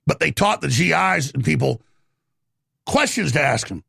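A man's voice: a little high, very animated, normal speed, bright, forceful tone, no echo, studio quality. A man hosting a talk radio show, delivering a rambling, heated monologue that jumps between topics. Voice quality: gravelly, raspy.

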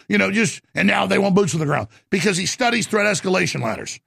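A man hosting a radio talk show, ranting and shouting through a heated political monologue in a gravelly voice. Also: sits high, animated, no room sound, clean studio sound. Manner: ranting, shouting, rapid-fire.

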